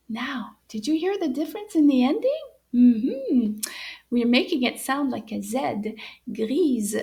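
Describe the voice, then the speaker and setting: A woman with a high, bright-pitched voice leads a children's language lesson. She talks slowly and with care, spelling words out letter by letter and cheering the young learner on. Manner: slow, clear, encouraging pronunciation drills. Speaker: French teacher for children.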